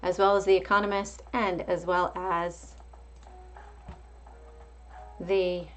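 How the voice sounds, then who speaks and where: A woman's voice: on the low side, flat delivery, slow pace, faint music behind. A woman hosting a casual live market stream, calling out price levels and chatting back to viewers. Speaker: livestream market host.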